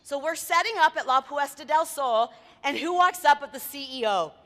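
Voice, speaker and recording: Female speaker, high and bright, chatty talk to a meeting crowd, hall reverb. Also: normal speed. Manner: chatty, quizzes the audience, tells anecdotes. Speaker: event planner giving a talk. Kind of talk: lively presentation to a live audience. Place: meeting room with audience.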